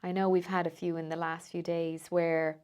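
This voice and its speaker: A woman, a coach, telling personal stories in a casual podcast chat, animated and quick to laugh. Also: fairly low pitch, clear, resonant tone. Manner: animated storytelling, laughs often, frequent "like". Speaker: transformational coach, podcast guest.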